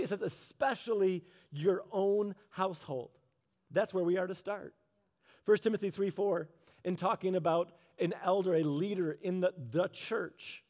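In a slightly mellow voice, a man gives a sermon like a conversation, asking listeners questions and dropping his pitch and pace for emphasis on key words.

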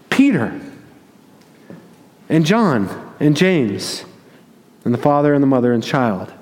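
Male pastor, sermon storyteller, higher voice, long reverberant sanctuary sound. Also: a little mellow. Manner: vivid retelling with repeated words and acted-out quotes. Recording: long reverb of a large hall.

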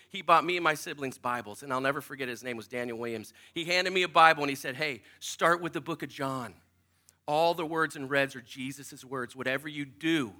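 A man preaching a personal testimony in a small church, telling his story with feeling and dropping to a hush for remembered prayers. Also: sits high. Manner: emotional storytelling, drops to near-whispers for inner prayers. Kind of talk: sermon testimony. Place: small church in a strip mall.

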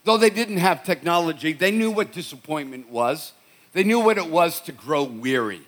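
A man's voice: fairly high pitch, animated, normal speed, fairly bright tone. A middle-aged man with a Boston accent, preaching a sermon in a conversational storytelling way, often restarting his sentences. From Boston, USA. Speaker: pastor.

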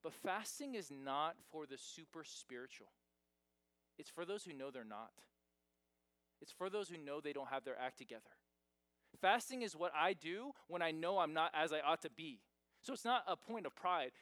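A man's voice: fairly high pitch, expressive, a little fast, no echo. A man preaching a sermon as pastor, talking in a conversational way and pushing hard on key points. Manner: conversational, emphatic, rising to loud stresses.

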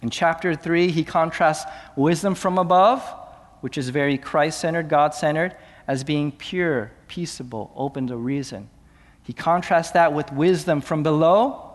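High-pitched guy preaching a sermon, big reverby hall, goes soft then loud. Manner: expressive preaching, swings between hushed and raised. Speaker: pastor.

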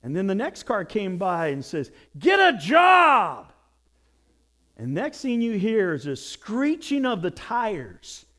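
Guy pastor preaching, high voice, lively storyteller, jumps around in pitch a lot. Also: measured pace, hardly any pauses. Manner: animated storytelling with acted quotes and jokes. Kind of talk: sermon.

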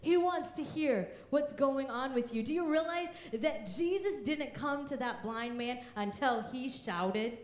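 A woman's voice: high-pitched, unhurried, few pauses, reverberant. A woman in her thirties preaching a sermon as pastor, emphatic and fervent, often raising her voice.

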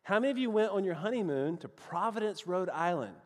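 Man, Southern accent, pastor, storytelling sermon, somewhat high voice, long hall reverb. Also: fairly quick. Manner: storytelling, animated, addresses the audience as friends.

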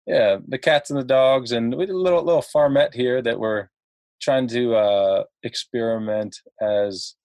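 A man's voice: mid-range voice, moderate pace, a little mellow, no room sound. A man from Ohio, a podcast guest telling stories in a chatty way, laughing often and restarting his sentences. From Ohio, United States. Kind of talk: casual storytelling.

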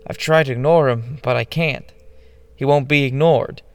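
A man's voice: mid-range voice, normal speed, vocal fry, no echo, close to an everyday voice. A man voicing a hysterical, terrified middle-aged stepfather who shrieks and blubbers in panic. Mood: frantic blubbering.

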